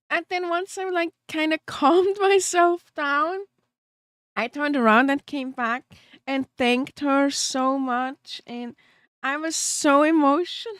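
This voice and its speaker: A woman VTuber streams and chats casually with her viewers, her voice pitched extremely high and a little bright on a dry recording. She's giggly and openly emotional, laughing often and rambling with small restarts.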